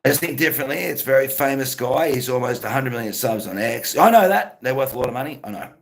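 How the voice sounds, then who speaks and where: A man's voice: mid-range voice, lively intonation, quick pace, creaky. A man, rambling casually to his live-stream chat and greeting viewers by name.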